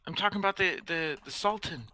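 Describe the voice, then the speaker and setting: Sharp-voiced teasing male player. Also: high-pitched, fast. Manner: teasing, chatty. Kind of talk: casual tabletop banter.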